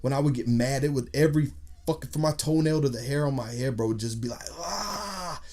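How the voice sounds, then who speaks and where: A man's voice: medium pitch, fairly quick, crowd noise. A man, a podcast guest telling stories in casual, profane chat and acting out quotes.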